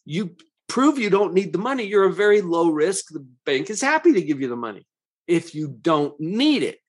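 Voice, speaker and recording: A man hosting a parenting podcast, explaining calmly and slowing down to stress key words. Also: sits high, breathy edge. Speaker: parenting coach and podcast host. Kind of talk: podcast monologue.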